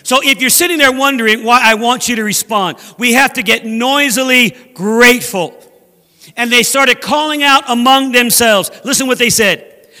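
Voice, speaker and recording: A man preaching a sermon as a guest speaker in a church, animated and acting out voices from scripture. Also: very high voice, normal speed, in a large hall. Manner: animated, acts out scripture voices, laughs at own jokes. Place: church sanctuary.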